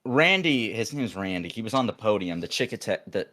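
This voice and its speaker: A young man, a podcast co-host, telling a work story in a rambling, animated way, full of restarts and acted-out quotes. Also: fairly low pitch, brisk, noisy background. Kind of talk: casual storytelling chat.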